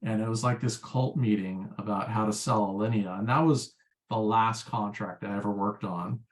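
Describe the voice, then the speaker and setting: Man, lowish voice, casual rambling interview talk, lots of fillers. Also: fairly even intonation, normal speed. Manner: rambling, filler-heavy storytelling. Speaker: guest, former pharma sales rep.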